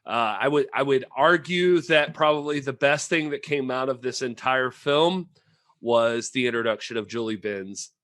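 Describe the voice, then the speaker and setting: A man's voice: mid-range voice, normal speed, fairly bright tone, no room sound. A man co-hosting a film podcast, talking casually and chattily with many restarts and fillers. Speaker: podcast co-host.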